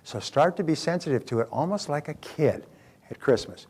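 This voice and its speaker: A man's voice: on the high side, animated, moderate pace, darkish tone, breathy edge. A man giving a motivational talk, telling stories and speaking directly to his audience in a conversational way.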